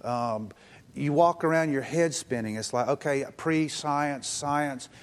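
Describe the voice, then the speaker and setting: A man's voice: a little high, clean tone. Man preaching a sermon. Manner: lively preaching with quick asides and frequent "um" fillers. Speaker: pastor. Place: church service.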